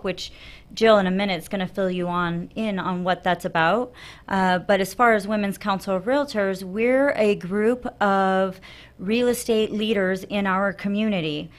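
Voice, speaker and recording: A woman realtor who is a guest on a radio show, explaining her network in a friendly, earnest way. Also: mid-range voice. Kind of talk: radio interview.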